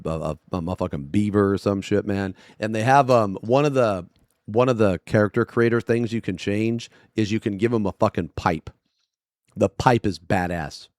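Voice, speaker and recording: A male streamer telling a story in casual, profane livestream chat with animated storytelling. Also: lowish voice, no room sound.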